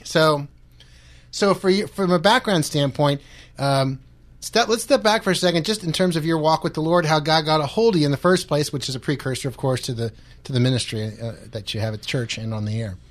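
A chatty male radio host with a fairly high voice. He talks in an animated way and acts out quotes from other people as he leads the interview. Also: brisk.

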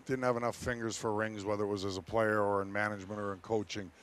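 A former hockey player on a sports talk panel, telling locker-room stories in a lively, animated way and laughing often. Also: male voice, fairly low pitch, quick pace.

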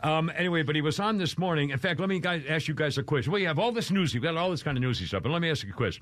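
A male talk radio host rambles through his opinions in a studio, breaking into laughs and mock voices as he goes. His voice sits high for a man and comes across dry and close to the mic. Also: animated, racing, a bit bright, no echo. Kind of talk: casual talk radio chat. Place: radio studio with video cameras. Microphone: studio microphone.

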